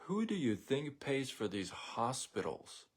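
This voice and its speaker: A man's voice: medium pitch, sing-song, measured pace, husky. A man hosting a live show, talking in a blunt, sarcastic, opinionated monologue. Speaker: host of a daily live show. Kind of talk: casual monologue rant.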